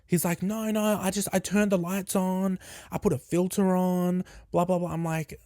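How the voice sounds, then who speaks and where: A man's voice: high-pitched, normal speed, no echo, studio quality. Candid young man telling a storytime. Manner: candid, swearing, animated retelling with quoted dialogue. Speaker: podcast host. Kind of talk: casual storytime.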